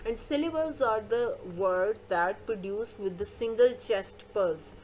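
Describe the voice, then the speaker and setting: A woman teacher gives a recorded English grammar lesson. She explains points slowly, repeats herself and often pauses on "uh". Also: medium pitch, a little mellow, a little hiss or hum, low-quality recording. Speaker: school teacher.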